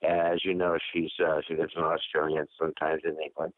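A man from Michigan with a very deep voice talks in a rambling way, filling pauses with fillers. He comes through a narrow, phone-like call line that sounds dry. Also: level tone, dry recording. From Michigan, USA. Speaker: caller to a poetry show. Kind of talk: casual chat over a video call.

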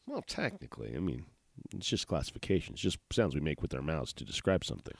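Animated male radio host, dry studio sound. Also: fairly quick, vocal fry, breathy edge, no echo. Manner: playful, jumps into high-pitched joke voices. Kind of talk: casual radio chat.

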